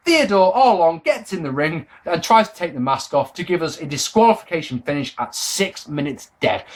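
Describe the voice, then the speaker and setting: A man giving a casual, sarcastic review of a wrestling show, ranting with exasperation and frequent swearing. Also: high voice.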